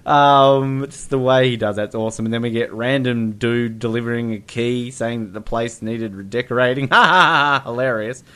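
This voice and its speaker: A man in a loose, chatty film talk, rambling from point to point with plenty of ums. Now and then he slips into playful voices. His pitch sits in an ordinary middle range. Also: steady tone, normal speed, hardly any pauses, clean tone. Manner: rambling, many ums, bursts into playful impressions. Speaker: podcast co-host. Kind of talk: casual film review chat.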